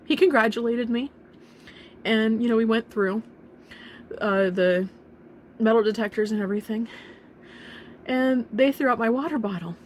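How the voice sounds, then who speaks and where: A young woman telling a painful personal story in a halting, emotional way, with nervous laughs and restarts. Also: on the high side, a little hiss or hum. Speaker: vlogger telling her own story.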